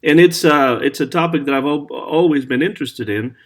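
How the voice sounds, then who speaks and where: A man's voice: on the high side, a little fast. A man from the United States hosting a casual interview, speaking hesitantly with frequent restarts. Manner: hesitant, many restarts and fillers. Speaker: interview host.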